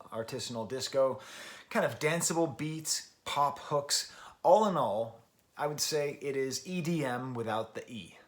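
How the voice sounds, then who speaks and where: A man in his forties casually talking through an album review, rambling and self-deprecating, jumping between loud emphatic bursts and low mutters. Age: 40s. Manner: rambling and self-deprecating, with frequent laughs and restarts. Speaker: music review vlogger. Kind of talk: casual spoken record review.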